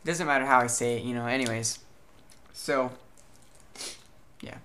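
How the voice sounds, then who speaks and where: A man's voice: mid-range voice, a little slow. A young man from Southern California tells his day to the camera in a chatty, rambling way, his voice sitting in a middle range. A faint hiss sits behind him. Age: young adult. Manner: chatty, rambling, animated storytelling. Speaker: vlogger. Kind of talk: casual vlog chat.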